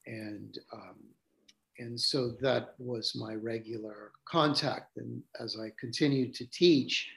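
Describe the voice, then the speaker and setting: A man telling spiritual stories at a slow, deliberate pace. His voice sits in an ordinary middle pitch. He is reflective and unhurried, often pausing to gather his thoughts. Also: steady tone, gravelly, fairly bright tone. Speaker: yoga teacher.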